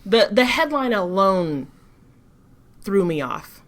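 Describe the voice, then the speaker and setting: A woman co-hosting a casual commentary chat, speaking in a thoughtful, measured way. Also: on the low side, animated. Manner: thoughtful, measured, some restarts. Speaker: co-host.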